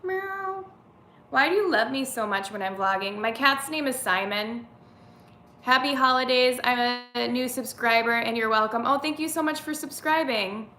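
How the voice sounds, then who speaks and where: A woman's voice: on the high side, moderate pace, pushed and bright, roomy sound. A woman in her thirties hosting a casual live-stream chat, reading viewer comments aloud and answering them. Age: 30s.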